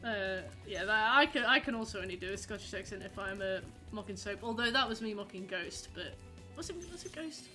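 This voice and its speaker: A woman's voice: medium pitch, animated, a little fast, bright, forceful tone, faint music behind. A young woman chatting casually with her viewers while livestreaming a game, rambling and reacting to messages. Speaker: streamer. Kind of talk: casual live-stream chat while gaming.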